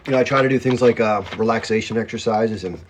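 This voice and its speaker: A man's voice: lowish voice, quick pace, music in the background. A man hosting a casual livestream from home, rambling and greeting viewers by name as their comments come in. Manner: self-described hyped-up talker. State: chewing while talking. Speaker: livestream host. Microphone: phone.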